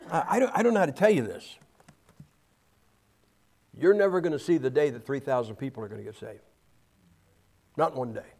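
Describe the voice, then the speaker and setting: A man's voice: a little high, a little mellow. A man preaching a folksy, rambling sermon, full of restarts and asides.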